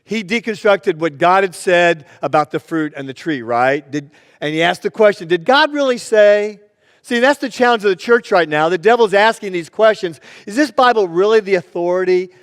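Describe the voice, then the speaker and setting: High-voiced pastor preaching in a reverberant church. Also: male voice, normal speed. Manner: storytelling, plays the joke with voices. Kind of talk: sermon. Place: church sanctuary. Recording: church sanctuary with long reverb.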